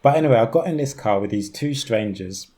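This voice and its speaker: A young man from East London with a London accent, a podcast guest telling a story in an animated way, laughing often and mimicking the voices of others. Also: medium pitch, brisk. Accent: London English. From East London, England. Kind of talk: conversational storytelling.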